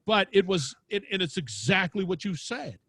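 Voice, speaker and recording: A man with a big booming voice telling stories animatedly as a podcast guest, acting out quotes as he talks. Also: lively intonation, moderate pace, fairly bright tone, breathy edge, no echo. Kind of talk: lively storytelling interview. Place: home studio with lights.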